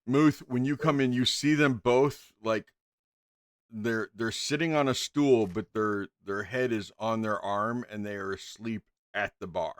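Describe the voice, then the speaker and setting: Man, game master, slow unhurried delivery, dry close sound, laid-back and chuckling. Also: on the low side, fairly even intonation, no echo. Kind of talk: narrating a tabletop game.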